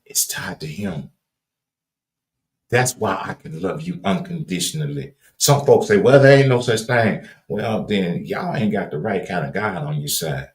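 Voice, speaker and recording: A deep-voiced man with a Southern drawl talks like a preacher on his livestream. His cadence is folksy and repetitive, and he leans hard on his words. The sound carries a noticeable room echo. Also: animated, measured pace. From Louisiana. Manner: emphatic and earnest, builds to raised emphasis. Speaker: livestream host. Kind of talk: preachy motivational talk.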